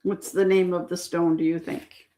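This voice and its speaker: A woman's voice: fairly low pitch, level tone, moderate pace, mellow. A woman hosting a casual livestream trivia chat, patiently repeating each question and reading out viewers' answers. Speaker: livestream host.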